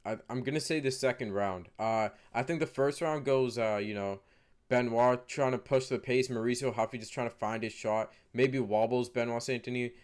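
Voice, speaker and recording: A man's voice: mid-range voice, fairly even intonation, normal speed. A man casually talking through fight predictions to camera in a rambling way. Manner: rambling, many fillers and restarts. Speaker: MMA fight predictions vlogger.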